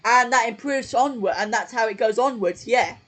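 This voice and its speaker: A man's voice: very high voice, moderate pace, fairly bright tone, rough recording. A male host giving casual live-stream commentary from home on his desk mic, rambling with lots of fillers and self-corrections. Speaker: channel host.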